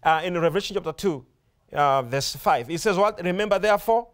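A man's voice: sits high, fairly quick. A male preacher delivering a sermon, emphatic and repetitive, often stopping to ask his congregation questions. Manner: emphatic, repeats words and phrases, animated rise and fall.

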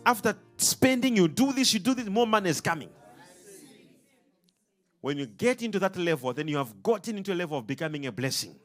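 A man's voice: sits high, animated, a little fast, faint music behind. A man preaching a sermon, emphatic and rhythmic, throwing questions out to his congregation.

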